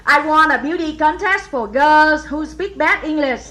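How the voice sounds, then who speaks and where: A woman's voice: high-pitched, measured pace, background noise. A woman from Vietnam with a Vietnamese accent doing a stand-up set of one-liners, chuckling at her own jokes. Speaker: stand-up comedian. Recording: live comedy club crowd laughter.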